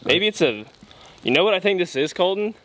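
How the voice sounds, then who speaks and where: Excitable young man fishing outdoors. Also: high-pitched, fairly quick. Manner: excitable, laughs often, says dude. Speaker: fishing channel host. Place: outdoors by a small urban creek.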